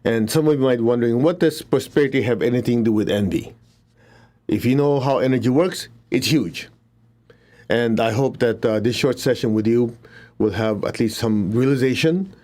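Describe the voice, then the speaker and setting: A man's voice: medium pitch, normal speed, mellow. A middle-aged man teaching a spiritual healing session in a casual, chatty way, laughing often and making blunt asides. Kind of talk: casual spoken teaching with invocation.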